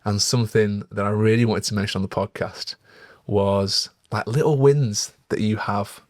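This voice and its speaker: Low-voiced man, reflective. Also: steady tone, normal speed, a little mellow, no echo, clean studio sound. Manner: earnest, reflective storytelling with frequent fillers. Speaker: podcast co-host. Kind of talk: casual chat.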